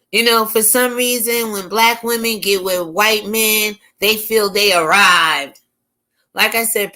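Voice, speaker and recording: A woman's voice: mid-range voice, bright, forceful tone. A woman from the United States hosting a casual opinion commentary, talking emphatically and firing off rhetorical questions. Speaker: commentary channel host.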